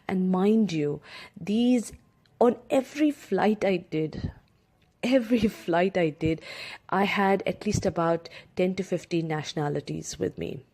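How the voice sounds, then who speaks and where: Career coach, woman from India, low-pitched and warm, chatty with fillers. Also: measured pace, breathy edge. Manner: chatty, many fillers and restarts. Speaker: career coach, former cabin crew. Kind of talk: instructional talk to camera.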